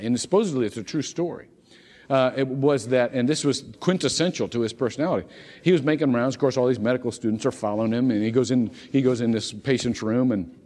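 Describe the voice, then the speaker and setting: A man's voice: medium pitch, darkish tone. A man preaching a sermon, telling a story with lots of restarts and repeated words. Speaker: pastor. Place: church sanctuary. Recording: long church hall reverb.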